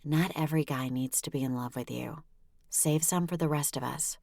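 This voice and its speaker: A woman's voice: low voice, moderate pace, vocal fry, darkish tone, no echo, studio quality. A woman voicing a friendly, easygoing woman friend in an audiobook. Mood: wry.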